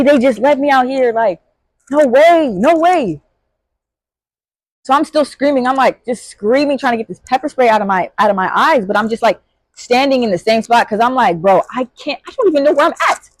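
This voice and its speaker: A young woman telling a story in a casual vlog, animated and slangy, with full of fillers, jumping into high shouts when acting out scenes. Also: dry recording, rough recording. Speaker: vlogger.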